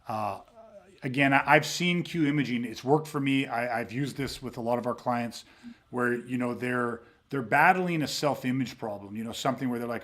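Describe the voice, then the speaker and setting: A man's voice: medium pitch, normal speed. A man co-hosting a podcast, talking casually and emphatically with frequent swearing. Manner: emphatic, profane, animated storytelling. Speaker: podcast co-host.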